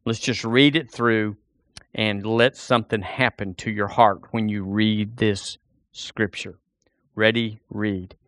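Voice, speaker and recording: A man preaching a sermon in church, animated and acting out a doubter's inner voice. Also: fairly low pitch, slow, dry recording, clean studio sound. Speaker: pastor.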